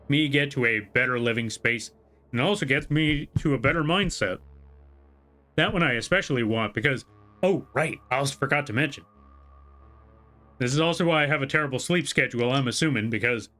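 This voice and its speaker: A man's voice: medium pitch, fairly bright tone. A male streamer in casual livestream chat, rambling and exasperated, often correcting himself mid-sentence. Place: home room.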